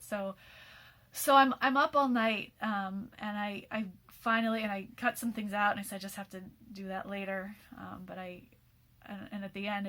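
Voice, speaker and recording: This program host is a woman in her forties with a medium-pitched, slightly bright voice, tired after a night without sleep. Her personal message wanders candidly, full of restarts. She keeps breaking into light laughter mid-sentence.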